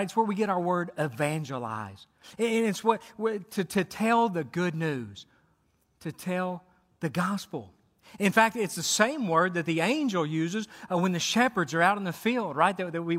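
Lively high-voiced male pastor preaching. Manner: lively and conversational, acting out quotes. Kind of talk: sermon. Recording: long hall reverb.

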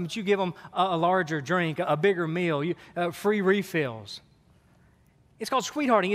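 High-voiced folksy preacher, reverberant hall. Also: male voice, fairly bright tone. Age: 40s. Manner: folksy storytelling with laughs and asides to the congregation. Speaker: pastor. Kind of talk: sermon. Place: church sanctuary. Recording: sermon in a hall with long reverb.

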